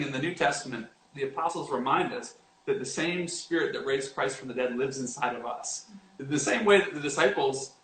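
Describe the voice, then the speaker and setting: A man giving a casual devotional talk as a youth pastor, animated and often acting out quoted lines. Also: slight background noise. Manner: animated, acts out quoted lines with rising pitch. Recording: roomy echo with faint ambience.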